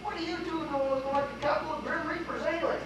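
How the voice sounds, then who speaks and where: A woman's voice: sits high, steady tone, fast talker, heavy background noise, close to an everyday voice. A woman playing a nosy neighbor woman, speaking in a blunt, teasing way on stage. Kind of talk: amateur stage acting. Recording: distant stage voice in very echoey hall.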